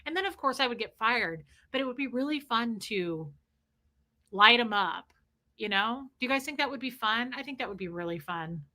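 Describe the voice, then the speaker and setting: A woman, ranting casually to her live stream chat and acting out the people she talks about. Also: fairly high pitch. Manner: animated, acts out people in quick quoted voices.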